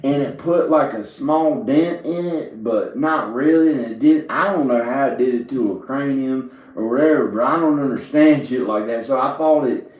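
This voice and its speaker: A man's voice: mid-range voice, moderate pace, few pauses, echoey room, lo-fi sound. A man from Virginia telling a rambling, profane comedic monologue and laughing at his own jokes. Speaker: comedic storyteller. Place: indoor room with drum set and speakers.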